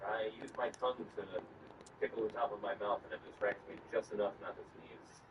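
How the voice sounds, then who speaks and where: A man's voice: lowish voice, fairly even intonation, fairly quick. A man playing in a tabletop game, speaking in a formal, wordy way. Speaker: player. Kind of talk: casual tabletop role-play. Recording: roomy, muffled, distant, noisy.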